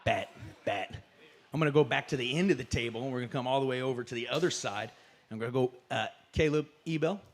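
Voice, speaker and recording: A man's voice: mid-range voice, fast. A man who commentates fights, moderating a press conference and asking fighters questions in a chatty, enthusiastic way with lots of fillers.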